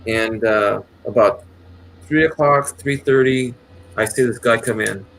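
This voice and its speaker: A man's voice: mid-range voice, a little slow, a bit bright, a little hiss or hum. A man casually telling a long, rambling story, with many restarts and acted quotes. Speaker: channel host.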